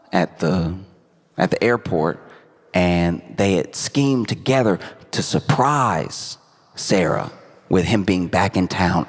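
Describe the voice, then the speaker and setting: A man's voice: low voice, big-room sound. A man telling a stand-up story in a laid-back, wry way, laughing at his own jokes. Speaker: stand-up comedian.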